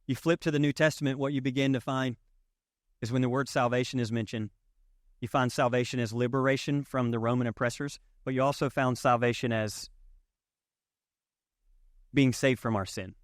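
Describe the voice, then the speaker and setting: A man's voice: mid-range voice, steady tone, normal speed, long pauses, dry recording, clean studio sound. A man preaching a sermon as pastor, conversational and emphatic, with rhetorical questions to the congregation. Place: church sanctuary.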